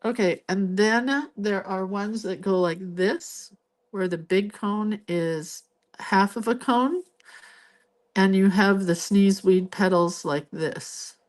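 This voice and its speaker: Woman host of a relaxed live doodle lesson, talking slowly and chattily as she draws, on a phone mic. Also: mid-range voice. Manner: chatty, thinks aloud while drawing. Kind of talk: casual live drawing tutorial. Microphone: phone camera.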